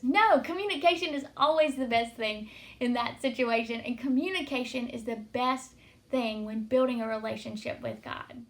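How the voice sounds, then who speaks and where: Woman, high-pitched, devotional teaching, earnest, storytelling, encouraging. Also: moderate pace. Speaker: Christian teacher.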